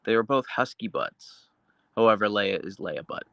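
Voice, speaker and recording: A man hosting a casual livestream, reading viewer comments aloud and chatting about his dogs, slipping into a high cooing voice for his pet. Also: animated, normal speed, creaky, sharp tone, smooth, no echo, muffled recording. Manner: goes high and cooing when talking to his dog. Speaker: livestream host.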